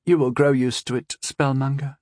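Here a man gives voice to a cold, tipsy, scheming teenage princess of sixteen for an audiobook, with a sly, condescending drawl. Pitched above his own voice but still medium and close to everyday, his tone is level and a little mellow at normal speed. The clean studio sound has no room sound.

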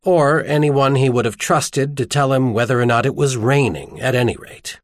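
In a clean studio recording with no echo, a man reads a novel aloud as an audiobook, telling the story expressively. His pitch is medium and his pace moderate, as befits scripted narration.

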